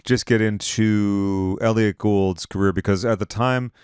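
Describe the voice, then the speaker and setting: Low smooth-voiced man hosting a film podcast. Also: steady tone, unhurried, darkish tone, dry recording. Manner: dry, wry film-buff rundowns of filmographies. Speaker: podcast host. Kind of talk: casual film chat.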